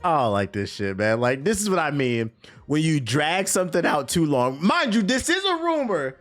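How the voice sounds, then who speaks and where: Male gaming commentator, lively swinging pitch, blunt and profane, soft music behind him. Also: moderate pace. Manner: blunt, animated, swears freely, mocks what he reads. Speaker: gaming commentator reacting to an article. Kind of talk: casual profane reaction commentary.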